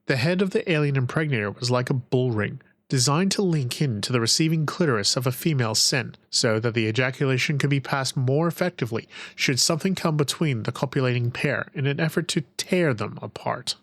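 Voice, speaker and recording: Man, audiobook narrator, measured scripted storytelling, mid-pitched, very dry close-mic sound. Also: lively intonation, no room sound, low-quality recording.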